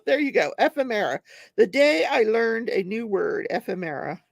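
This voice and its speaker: A woman's voice: on the high side, very animated, moderate pace, gravelly, dry recording. A woman in her forties hosting a live crafting stream, chatting casually, often laughing and reading viewer comments aloud. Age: 40s. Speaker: host of a live crafting show.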